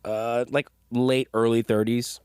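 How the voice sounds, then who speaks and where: A man's voice: medium pitch, flat delivery, a little slow, darkish tone, clear, resonant tone, dry recording. A man co-hosting a casual sports podcast, laid-back with dry humor. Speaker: podcast co-host. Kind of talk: casual chat.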